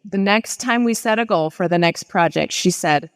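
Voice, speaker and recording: A woman's voice: medium pitch, normal speed, clear, resonant tone. Woman coach telling stories in a reverberant hall. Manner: earnest, encouraging, speeds up when urging. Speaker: life coach giving a talk. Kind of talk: inspirational storytelling talk.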